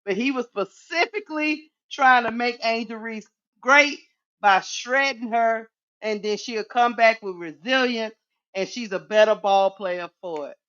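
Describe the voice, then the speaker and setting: Woman, slow speech, mocking emphatic retelling, muffled lo-fi audio. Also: fairly high pitch, fairly bright tone. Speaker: co-host. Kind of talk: casual panel talk. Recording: dull lo-fi sound.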